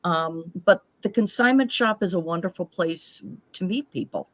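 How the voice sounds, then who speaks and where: A woman's voice: fairly low pitch, normal speed, a bit bright, no echo. A middle-aged woman sharing personal stories earnestly in a casual group video chat. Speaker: guest author.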